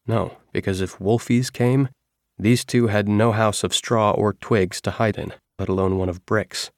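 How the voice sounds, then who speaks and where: A man reading a first-person novel aloud in a measured, even storytelling manner. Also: on the low side, no echo, studio quality. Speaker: audiobook narrator.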